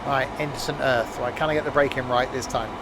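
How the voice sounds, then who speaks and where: Playing a game on a live stream, a man talks casually to his viewers and makes dry, wry remarks. He speaks fast in a medium-pitched voice over a steady hum of background noise.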